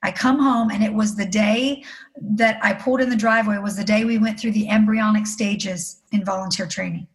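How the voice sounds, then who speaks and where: A woman's voice: medium pitch, steady tone, normal speed, low-quality recording. A middle-aged woman telling a personal story as an interview guest, earnest and emotional. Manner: earnest, emotional, acting out the people she quotes.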